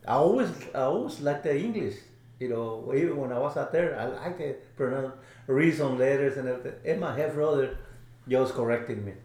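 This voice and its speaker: A man whose first language is Spanish tells stories in English, pausing and restarting as he searches for words. His voice is mid-pitched. It rings in a roomy space. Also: expressive, a little mellow. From Mexico. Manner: halting, many fillers and restarts. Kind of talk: casual storytelling.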